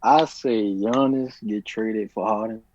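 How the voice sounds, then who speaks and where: A man's voice: on the low side, measured pace, a little mellow, muffled recording. A man co-hosting a casual sports podcast, hesitant, opening his points with "I mean" and "I feel like". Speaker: podcast co-host.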